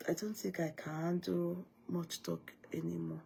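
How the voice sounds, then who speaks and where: A grieving woman with a Nigerian accent, talking to viewers on a late-night livestream in a halting, subdued way and often breaking off mid-sentence. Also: fairly low pitch, flat delivery, vocal fry, warm tone, slight background noise.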